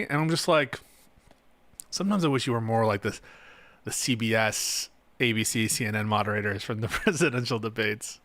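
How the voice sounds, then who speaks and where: A man hosts a casual reaction stream, tossing out sarcastic jokes and laughing between remarks. His voice is bright, and the recording is close and dry. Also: fairly low pitch, moderate pace, no room sound. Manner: sarcastic, laughing, joking asides. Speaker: streamer host.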